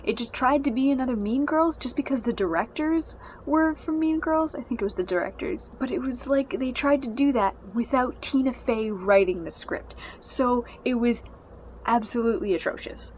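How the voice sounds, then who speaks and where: A woman's voice: on the high side, moderate pace, a little mellow, a little hiss or hum. A young woman giving a casual, exasperated spoken review of a book and its movie adaptation. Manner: exasperated, ranting.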